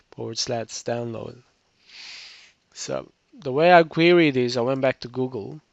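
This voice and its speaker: A man's voice: mid-range voice, vocal fry, no room sound. Tired man talking through a screen tutorial. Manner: casual, rambling, many restarts and fillers. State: tired, voice cracking. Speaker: web tutorial instructor. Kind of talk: screen-recorded tutorial walkthrough. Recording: dull, lo-fi screencast audio.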